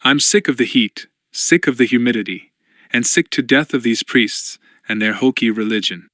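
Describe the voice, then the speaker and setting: A man's voice: medium pitch, moderate pace, fairly bright tone, no echo, studio quality, close to an everyday voice. A man doing a cocky young pilot. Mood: confident. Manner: breezy, self-assured, easygoing. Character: cocky young male pilot, confident and reassuring.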